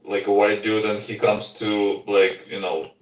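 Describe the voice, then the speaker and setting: A man's voice: on the low side, flat delivery, a little slow. A man in a casual podcast chat, speaking hesitantly with many filler words. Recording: roomy sound from a distance.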